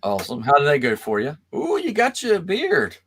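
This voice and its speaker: A man hosting a relaxed online call with a gravelly, creaky voice. His pitch swings widely as he rambles and laughs along with his guests. He sounds like he is talking over a video call. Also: a little fast, a little hiss or hum. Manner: animated, laughs often, rambling. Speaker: host. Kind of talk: casual video-call chat.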